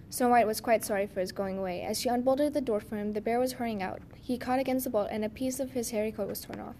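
A woman reads a fairy tale aloud at a steady, measured pace. Her voice sits fairly high, with a faint low rumble behind it. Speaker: narrator.

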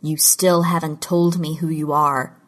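A cunning male magician from a storybook, smooth and controlled, soothing even while menacing, as a woman narrator lowers her voice for him. He speaks low and unhurried, with a breathy edge. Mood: guarded calm.

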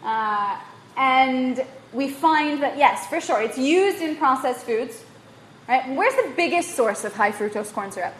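A woman with a non-native accent giving a lively lecture to a live audience, quizzing them and often asking "right?". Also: high-pitched, unhurried. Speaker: workshop presenter. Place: room in Bali. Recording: echoey room, faint room noise.

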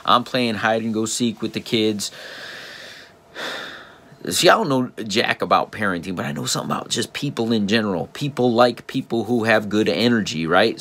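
A man with a slightly low voice talks through a story in a relaxed, chatty monologue. He keeps turning to his listeners with rhetorical questions and often restarts his words mid-thought. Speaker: podcast host and father.

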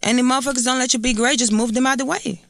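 A woman's voice: high-pitched, steady tone, very fast, vocal fry, no room sound. A woman in her thirties from Puerto Rico with a Puerto Rican accent, talking bluntly and profanely as a guest in a casual interview. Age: 30s.

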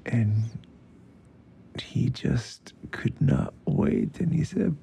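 A man hosting and narrating a bedtime story in a hushed, often whispering voice, slipping in phrases of Spanish. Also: mid-range voice, animated, extremely slow, vocal fry, slightly rough. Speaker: storyteller host.

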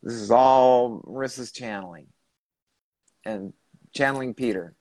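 A man's voice: mid-range voice, measured pace, a little mellow, dry recording. Earnest male podcast host, dry sound. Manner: earnest, retelling and rephrasing questions. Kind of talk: recounting a channeling session.

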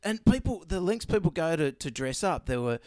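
A man's voice: on the high side, sing-song, a little fast, darkish tone, dry recording, studio quality. An Australian man co-hosting a vet podcast, telling stories in laid-back, self-mocking banter. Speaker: veterinarian podcast co-host. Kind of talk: casual chat.

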